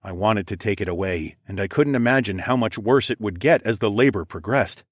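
A man narrating a fantasy novel in the first person, in a measured, steady storytelling manner. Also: fairly low pitch, breathy edge, no room sound, studio quality. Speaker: audiobook narrator.

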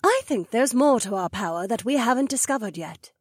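A woman voicing a proud she-wolf duchess who explains things in a measured, serious way. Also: a little high, lively intonation, husky, no echo, clean studio sound. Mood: grave. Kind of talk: audiobook dialogue acting.

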